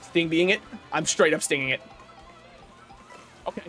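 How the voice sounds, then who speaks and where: High-pitched dude streaming a kart race, swearing a lot, faint game music under him. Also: male voice, moderate pace. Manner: excitable, profane banter with chat. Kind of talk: live gameplay commentary.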